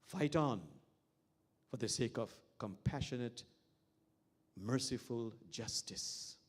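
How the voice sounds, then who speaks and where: A stern, all-seeing god speaks slowly and with calm command, as a man acts him out in a sermon. Each word is firm and deliberate. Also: mid-range voice.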